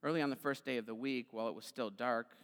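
A man's voice: mid-range voice, fairly even intonation, fast talker, fairly bright tone. A man preaching an Easter sermon as pastor, retelling scripture in a casual, conversational way with fillers. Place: church sanctuary. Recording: long hall reverb.

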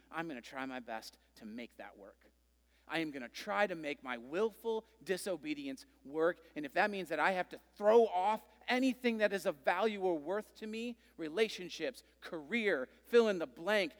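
A man preaching a sermon, telling a Bible story with animated, conversational delivery and playful acted-out voices. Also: on the high side, moderate pace, in a large hall. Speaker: pastor.

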